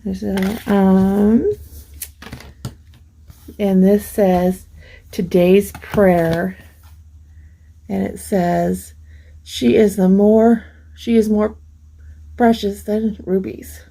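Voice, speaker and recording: Middle-aged lady crafter showing off happy mail, talks real slow, warm mellow tone. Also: mid-range voice, level tone, vocal fry, low-quality recording. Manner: slow, gentle, gushing over small things. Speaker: craft channel host. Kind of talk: casual show-and-tell vlog.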